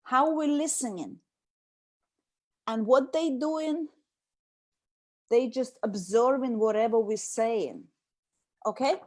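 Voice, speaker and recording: High-voiced animated woman talking. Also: slow pace, pauses often. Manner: animated, acts out nagging quotes. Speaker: host. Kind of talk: casual talk on communication.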